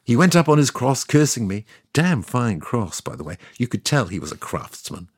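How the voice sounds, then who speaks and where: An actor playing God as a sardonic narrator, telling the story in a scripted comic style with offhand asides. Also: male voice, mid-range voice, very animated, moderate pace, husky, no echo, studio quality. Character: God as a sardonic, boastful narrator, ageless man.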